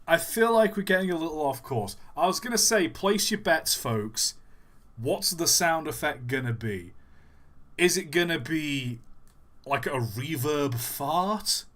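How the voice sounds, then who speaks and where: A man's voice: on the high side, animated, measured pace, fairly bright tone. A young man hosting a live stream, chatting in a rambling, self-deprecating and joking way. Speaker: livestream host. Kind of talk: casual live stream chat.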